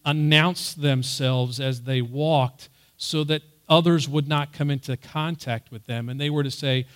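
Slow-speaking man teaching from scripture. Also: medium pitch, fairly even intonation. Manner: earnest, loud on emphasized quotes. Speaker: Bible teacher. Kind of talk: sermon-style Bible teaching.

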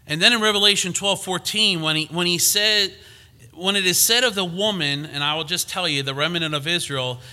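Male preacher, very bright tone, emphatic teaching delivery with frequent restarts. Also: sits high, a little fast. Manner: emphatic, repeats himself with restarts and fillers. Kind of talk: sermon.

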